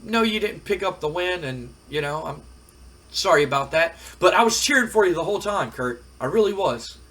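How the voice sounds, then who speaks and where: A man voicing a calm, apologetic wrestling promoter in a game playthrough. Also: fairly high pitch, moderate pace. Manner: soothing, apologetic.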